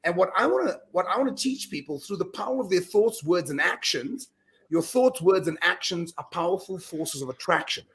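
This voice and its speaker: Lively man telling a story, slightly high voice. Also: brisk. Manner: animated storyteller, repeats words when restarting; acts out his own self-talk. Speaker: podcast guest, mindset coach. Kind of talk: casual conversational interview.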